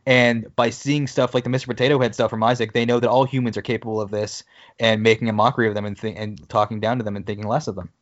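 A man's voice: lowish voice, little pitch movement, quick pace, lo-fi sound. A man co-hosting a podcast, recapping an episode in casual chat with playful jokes. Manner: recaps scenes by reading out dialogue, then jokes. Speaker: podcast co-host.

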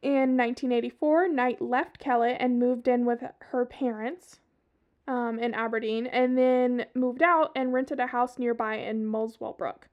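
Southern woman, young, true-crime podcast host, high voice, profane and chatty. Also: steady tone, unhurried, highs cut off. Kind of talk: casual true-crime storytelling.

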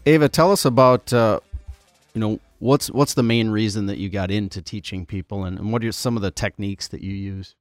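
A man's voice: lowish voice, fairly quick, dry recording, soft background music. A man hosting a podcast, introducing a guest and asking easygoing questions with a few fillers. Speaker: podcast host. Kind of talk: interview host questions.

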